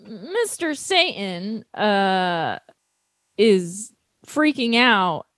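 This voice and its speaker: A woman's voice: medium pitch, big pitch swings, fairly bright tone, dry recording. A woman co-hosting a casual comedy podcast, recapping an anime with sarcasm and casual swearing. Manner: sarcastic, swears casually, does quick character voices.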